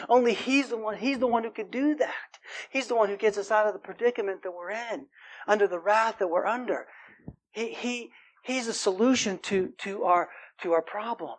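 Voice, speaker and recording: A man's voice: high voice, normal speed. A male preacher delivering a sermon in a loose, conversational way. He keeps checking in with his listeners with "right?" and shifts into an earnest tone when he quotes scripture.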